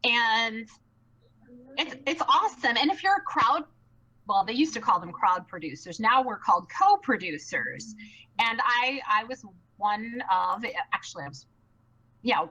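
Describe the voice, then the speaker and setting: A woman chatting excitedly on a live stream, bubbly and rambling, with many fillers and restarts. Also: on the high side, measured pace, dull audio. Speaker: live stream co-producer and host.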